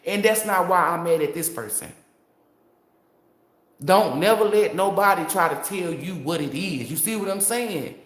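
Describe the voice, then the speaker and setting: A woman's voice: on the low side, expressive, normal speed. Blunt, profane woman with roomy echo. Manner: blunt, profane, fired-up storytelling with rhetorical asides. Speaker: tarot reader. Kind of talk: casual unscripted monologue to viewers.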